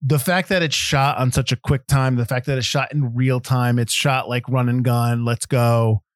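A man's voice: medium pitch, normal speed, no room sound, clean studio sound. A man hosting a podcast in a casual film chat, telling stories with many restarts. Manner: rambling, animated storyteller with many restarts. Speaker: podcast host.

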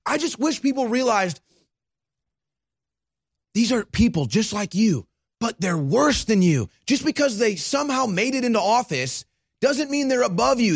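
A man hosting a political commentary show, excitable and mocking, often breaking into laughter. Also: extremely high pitch, measured pace, vocal fry, breathy edge, no echo, clean studio sound. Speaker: host.

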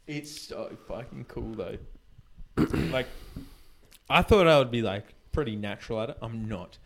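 A man's voice: medium pitch, animated, unhurried, vocal fry. A young man telling a story in casual chat, swearing often and laughing as he goes. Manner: swears a lot, laughs through his stories. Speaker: podcast co-host.

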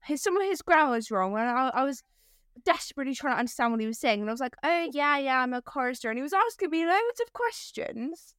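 A woman's voice: high voice, very animated, fast talker, fairly bright tone, dry recording, clean studio sound. A young woman, co-hosting a casual podcast and telling a story with lots of giggles. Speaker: podcast co-host.

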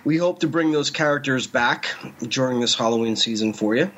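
A man co-hosting a podcast in casual chat, pausing often with fillers. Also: mid-range voice, fairly bright tone. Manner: hesitant, many fillers. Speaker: podcast co-host. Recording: dull lo-fi sound.

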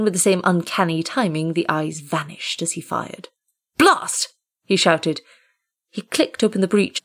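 Female story narrator, lower register, measured dramatic reading.

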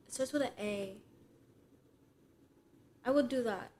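A woman's voice: fairly high pitch, unhurried, a little mellow, a little hiss or hum. A young woman co-hosting a casual podcast chat, talking loosely with lots of "like" fillers and thinking aloud. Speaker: podcast co-host.

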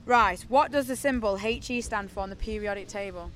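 A woman interviewing a band outdoors at a music festival, chatty and jokey, running a quiz. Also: mid-range voice. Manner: chatty, jokey, quick asides.

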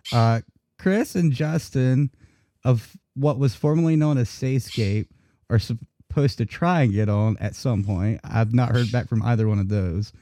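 A man's voice: mid-range voice, unhurried, warm tone, no room sound. A man hosting a live internet radio talk show, chatting loosely and laughing as he goes. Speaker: host. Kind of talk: casual live radio chat.

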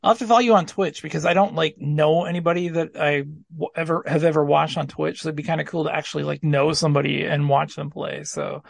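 A man's voice: on the high side, steady tone, fast, creaky, hardly any pauses, dry recording. A man hosting a podcast in casual, jokey chat, laughing often. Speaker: podcast host.

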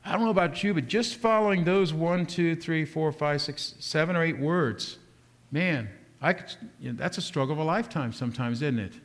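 A man's voice: a little high, moderate pace. A man preaching a sermon. He asks his listeners rhetorical questions and keeps shifting his pace. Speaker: pastor.

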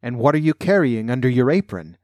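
A man voicing a sly, wicked male wolf who talks in a smooth, coaxing way. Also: mid-range voice, animated, brisk, a little mellow, no room sound, studio quality, lightly acted.

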